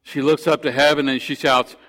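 A man's voice: a little high, level tone, a little fast, fairly bright tone. A man, a pastor, preaching a sermon with folksy storytelling, fillers and restarts. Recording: long church hall reverb.

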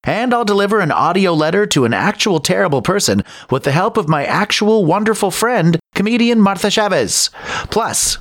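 A man hosting a satirical comedy news show, delivering scripted jokes in a wry, deadpan way. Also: high-pitched.

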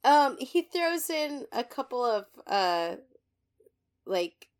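A woman's voice: high voice, sing-song, slow. A woman co-hosting a podcast in casual chat, making wry, dry remarks. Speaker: podcast co-host.

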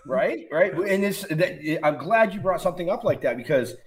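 Brief: middle-aged male host with a lively, slightly high voice, loose and profane, on a video call. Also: normal speed. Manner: chatty, swears, jokes about himself. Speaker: podcast host, comic book maker. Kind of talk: casual chat.

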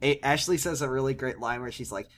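A man in casual chat, animated and sarcastic, recapping a TV show. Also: medium pitch, fast talker. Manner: animated, sarcastic, fillers and restarts. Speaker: podcast co-host.

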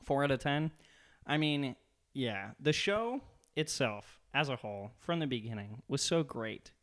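Smooth-voiced young man, swearing podcast chat. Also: medium pitch, animated, unhurried, fairly bright tone. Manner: joking, rambling, swears a lot. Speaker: podcast co-host. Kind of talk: casual profane chat.

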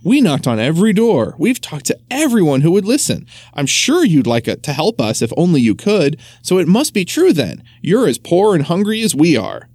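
A man reading aloud plays a cheerful boy traveler, a little higher than his own voice and lively in his ups and downs. The boy sounds eager and reassuring, recorded close and dry. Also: moderate pace, few pauses, no room sound. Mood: earnest. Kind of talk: storybook read-aloud.

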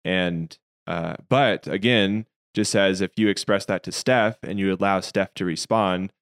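Low-voiced, earnest man discussing faith. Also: steady tone, unhurried. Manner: earnest, reflective, explanatory. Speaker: podcast co-host.

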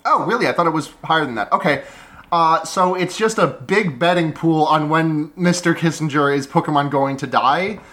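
A man's voice: a little high, normal speed, sharp tone. A man co-hosting a casual comedy podcast, rambling, restarting his sentences and laughing easily. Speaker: podcast co-host.

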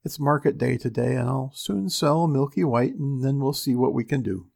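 A man's voice: mid-range voice, normal speed, gravelly, a little mellow, dry recording, clean studio sound. A man doing eager country lad Jack. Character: cheerful quick-witted poor country boy.

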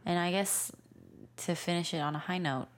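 A woman in her thirties talks through a story in relaxed, casual conversation. Her voice sits low for a woman, and she tells it with animated energy, peppering every phrase with "like.". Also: normal speed, a little hiss or hum. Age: 30s. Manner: animated storytelling, heavy use of "like". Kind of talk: casual chat.

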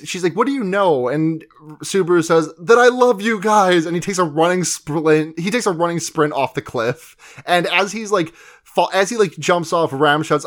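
A man's voice: a little high, fairly bright tone. A man casually recapping an anime episode, rambling with lots of "like" and acting out characters' lines. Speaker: podcast co-host.

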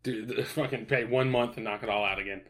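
A man's voice: medium pitch, fairly even intonation, quick pace, a bit bright. A young man in casual podcast chat, laid-back and swearing often, with lots of fillers and restarts. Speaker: podcast co-host.

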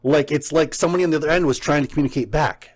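A man co-hosting a casual chat, telling a story in an animated, excitable way and swearing now and then. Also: on the high side, very fast. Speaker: podcast co-host. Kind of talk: casual chat about paranormal recordings.

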